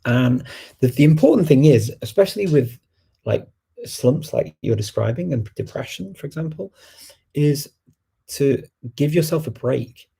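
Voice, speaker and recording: Guy talking casually and reassuringly about learning, husky and really dark sounding. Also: medium pitch, expressive, unhurried. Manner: reassuring, encouraging. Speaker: language learning host. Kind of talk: casual advice talk.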